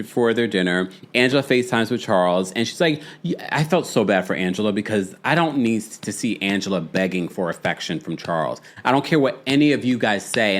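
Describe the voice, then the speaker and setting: New york guy doing a live tv recap, super animated voice, keeps laughing and reading out chat comments. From United States. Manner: animated, laughs often, acts out quotes in a high voice. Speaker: podcast host recapping a reality show.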